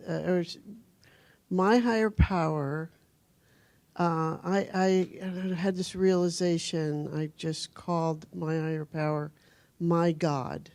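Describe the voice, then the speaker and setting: Slow, thoughtful speaker sharing at a meeting. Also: mid-range voice, a little mellow, no echo. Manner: slow, thoughtful, searching for words. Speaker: workshop attendee sharing. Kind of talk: personal sharing at a recovery meeting.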